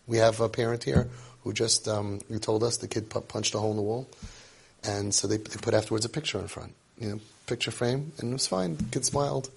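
A man's voice: on the low side, fairly even intonation, fairly quick, gravelly, breathy edge. A man coaching parents in an informal lecture, emphatic and repetitive, who drops Hebrew and Yiddish terms into his talk. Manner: acts out parents and kids in quotes.

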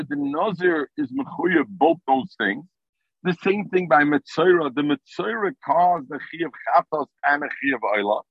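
Driving his car, a man teaches a Talmud class over a tinny phone line, explaining the text in English laced with Hebrew and Aramaic terms. His voice is fairly high, creaky, and a little rough, with no echo.

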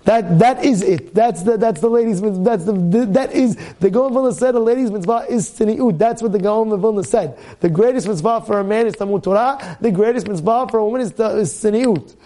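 A man teaches a rabbi's class on the weekly Torah portion, building his points with rhetorical questions and repeated words, and he acts out students' complaints in a raised voice. His high-pitched voice has a dark tone, and he speaks briskly with hardly any pauses.

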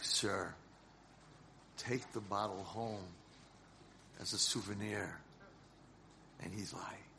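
A man giving a sermon as a rabbi, telling a story dramatically and swinging from hushed lines to shouted ones. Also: lowish voice, creaky, a little hiss or hum.

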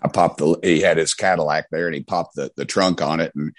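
Deep-voiced Southern man, folksy and rambling. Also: fairly even intonation, fairly quick, no echo. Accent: Southern US, East Tennessee. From Knoxville, Tennessee. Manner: rambling, folksy, many restarts. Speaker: congressman guest. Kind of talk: casual storytelling interview.

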